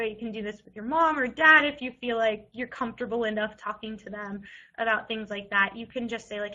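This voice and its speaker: A young woman gives casual advice about college essays in a bright, slightly high voice. She talks in a loose, chatty way, full of "like" and restarts, the way she would talk to students in an online session. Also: poor audio. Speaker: college admissions essay advisor.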